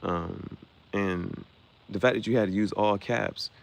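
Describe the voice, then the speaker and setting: A man's voice: low-pitched, fairly even intonation, a little slow, creaky. A young man hosting a casual livestream, joking and reacting to viewers' comments with frequent laughter. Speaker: livestream host.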